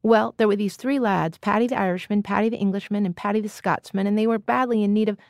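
A woman voicing a showy, quarrelsome young man at a party, speaking loudly with a raised pitch in a storybook reading. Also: fairly even intonation, fast talker, gravelly, dry recording, clean studio sound, close to an everyday voice. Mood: boisterous.

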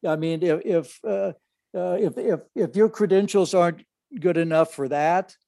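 An older man co-hosting a relaxed conversation, his speech broken by constant restarts and fillers. His voice sits a little high for a man. The sound is dry and close, with no room echo. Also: creaky. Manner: halting, many restarts and fillers. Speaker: podcast co-host, father of the other host. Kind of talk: casual chat.

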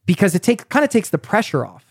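Young man, podcast host, rapid chatty questions, higher voice. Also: sing-song, slightly rough, no echo, studio quality. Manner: quick, chatty, probing with light jokes. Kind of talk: conversational interview.

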